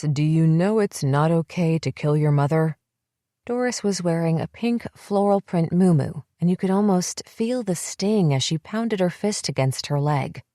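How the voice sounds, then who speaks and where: A woman reading a psychological thriller audiobook in steady, measured first-person narration. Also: sits low, no echo, studio quality.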